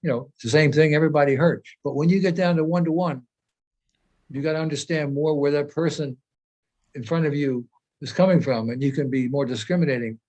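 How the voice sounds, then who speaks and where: Man with a higher-than-usual voice, a spiritual teacher explaining earnestly in an informal meeting. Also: fairly quick, darkish tone, dull audio. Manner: earnest, explanatory, repeats phrases while searching for words.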